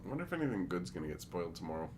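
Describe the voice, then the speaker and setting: Lively joking young male streamer. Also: low voice, racing, background noise. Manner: joking, rambling, profane. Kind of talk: casual livestream chat.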